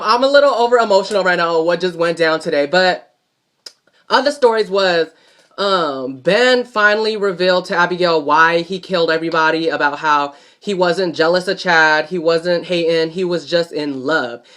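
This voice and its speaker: A man recapping a soap opera episode in casual chat, animated and profane, talking straight to his viewers. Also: sits high.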